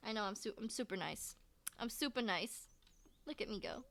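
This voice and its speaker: A woman's voice: mid-range voice, normal speed, fairly bright tone, a little hiss or hum. A woman streaming a video game, chatting casually and playfully repeating herself as she plays. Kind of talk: casual gameplay commentary.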